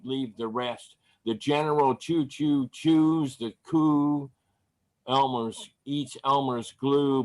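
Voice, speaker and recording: A man performing profane, angry spoken word poetry at an online open mic over a video call. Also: mid-range voice. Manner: angry, profane, declamatory delivery.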